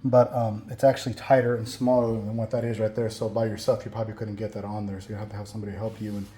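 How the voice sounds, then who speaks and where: Laid-back male host, low and mellow, rambling through a hands-on review. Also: little pitch movement, fast, husky. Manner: rambling, with frequent 'um' and restarts. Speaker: channel host reviewing a bumper install. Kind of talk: casual install walkthrough and review.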